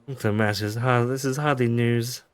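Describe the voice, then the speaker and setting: A man's voice: medium pitch, fairly even intonation, moderate pace, clear, resonant tone, faint music behind. A man streaming a game, reading the dialogue aloud with frequent stumbles, self-corrections and laughs. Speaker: gaming streamer.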